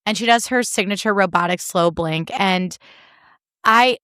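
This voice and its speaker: A woman's voice: mid-range voice, measured pace, clear, resonant tone, no echo, clean studio sound. Indignant, swearing woman podcast host. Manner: animated, swearing, sarcastic, indignant. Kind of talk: solo reality TV recap podcast.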